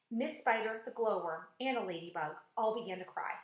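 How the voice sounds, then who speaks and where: A woman, a teacher, reading a storybook aloud in an expressive, dramatic way with hushed quiet passages. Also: medium pitch, a little fast, few pauses. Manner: expressive, dramatic, drops to a hush for quiet scenes. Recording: echoey room.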